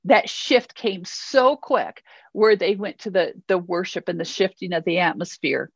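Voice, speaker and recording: A woman preaches an earnest, encouraging sermon, reading scripture aloud and checking in with frequent "okay?"s. Her voice is fairly low, a little slow, creaky and breathy, in a dry, slightly muffled recording with no room sound.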